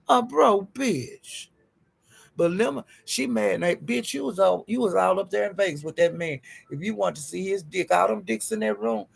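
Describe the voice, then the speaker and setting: A gossip vlogger with a high, deeply gravelly, husky and breathy voice dishes sassy, profane gossip to his viewers. He's animated, calling them honey and child and jumping up in pitch for emphasis as he tells his stories.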